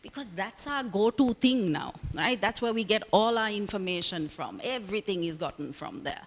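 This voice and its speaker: A woman's voice: medium pitch, animated, normal speed. A woman counselor giving an emphatic interview answer who keeps asking "right?". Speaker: guest, counselor. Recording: long reverb.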